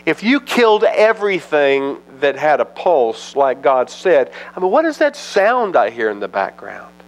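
A man giving voice to a stern, blunt old prophet who presses his questions with open disbelief. The voice sits a little higher than plain talk and is told in a casual, storytelling way. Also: very animated, a little slow, low-quality recording. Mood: incredulous. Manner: blunt, incredulous.

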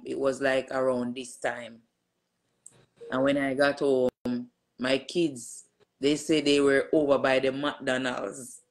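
A middle-aged woman telling her pastor what happened to her, in an emphatic way and acting out what people said. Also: a bass voice. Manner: emphatic storyteller who re-enacts dialogue with many "I said". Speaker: church member giving a testimony to her pastor. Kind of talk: casual spoken testimony.

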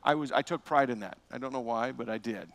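A man's voice: medium pitch, quick pace, creaky, no echo. A man preaching a verse-by-verse sermon as pastor, telling a personal story with rhetorical questions.

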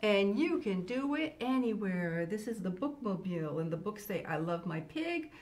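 A woman's voice: medium pitch, sing-song, normal speed, a little mellow, a little hiss or hum. An older woman hosting a children's show, reading a picture book aloud in a fussy, grandmotherly way and exclaiming "oh" often.

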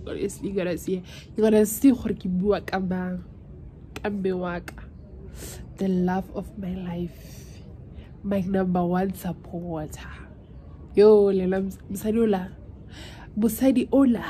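A woman's voice: medium pitch, warm tone, slight background noise. A South African woman in her twenties chatting casually in a vlog, emotional and switching languages mid-sentence. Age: 20s. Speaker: vlogger.

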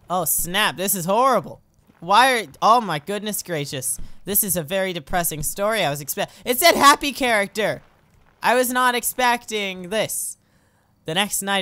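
Giggly, excitable young woman gamer. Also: medium pitch, normal speed, dry recording. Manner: excitable, giggly, yelps and shouts at the game. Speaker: let's play host. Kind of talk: game commentary.

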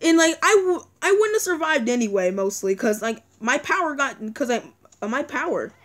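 Young woman, high voice, very lively pitch, anxious gaming commentary, pleading and repeating herself. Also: moderate pace. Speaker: gaming video creator. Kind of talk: let's-play commentary.

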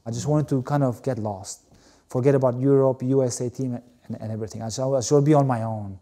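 A middle-aged man from Albania, speaking English as a second language, recounts his story as an interview guest. His voice is warm and mellow, sitting in a middle register. He talks animatedly and leans on "you know" and similar fillers. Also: mid-range voice, fairly even intonation, a little fast. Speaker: guest, former Olympic volleyball player.

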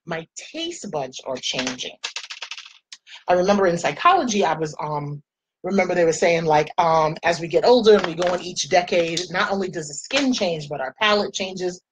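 A woman's voice: fairly low pitch, animated, moderate pace, noisy background. A woman in her forties chatting playfully with viewers while she does her makeup. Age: 40s. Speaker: makeup vlogger. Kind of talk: casual chat while doing makeup.

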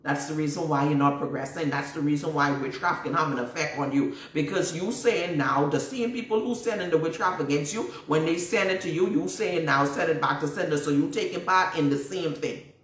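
A woman's voice: deep voice, a little fast. A woman, a prophetess preaching emphatically to viewers, repeating herself and citing scripture. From Bahamas. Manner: emphatic and repetitive, cites scripture. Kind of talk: preaching, answering viewer questions. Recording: roomy, distant mic.

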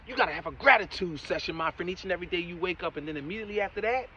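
A man giving a motivational talk in a preachy, encouraging way, often saying "my friend" and "right?", and swinging between loud emphatic bursts and quiet asides. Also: high voice, animated, racing, highs cut off. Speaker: motivational speaker.

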